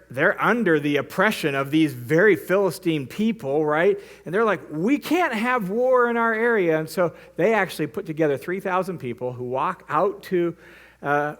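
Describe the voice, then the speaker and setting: A man's voice: on the high side, a bit bright. A male pastor preaching a sermon, retelling a story vividly and acting out the characters' lines. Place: church.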